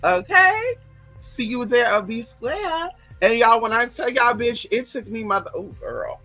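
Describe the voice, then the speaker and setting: A man's voice: very high-pitched, normal speed, sharp tone, no echo, faint music behind, rough recording. Sassy flamboyant man chatting on stream. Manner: sassy, flamboyant, swears freely. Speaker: livestream host reading viewer comments. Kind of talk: casual chatty livestream.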